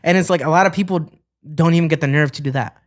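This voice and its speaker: A man's voice: fairly high pitch, quick pace. A young man from Ohio, a musician guest, telling stories casually in an interview and acting out what people said. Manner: animated, acts out quoted dialogue.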